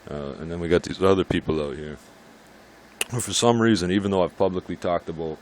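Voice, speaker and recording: Low-voiced man ranting profanely. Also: a little fast, darkish tone, slight background noise. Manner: profane, rambling, irritated. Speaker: vlogger. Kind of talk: casual ranting monologue.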